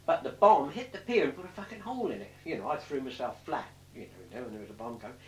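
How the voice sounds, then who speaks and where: A man's voice: mid-range voice, lively intonation, fast talker, darkish tone. An older man, a war veteran, telling his memories in a rambling way, swearing freely and correcting himself as he goes. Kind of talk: oral history storytelling. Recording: roomy sound from a distant mic.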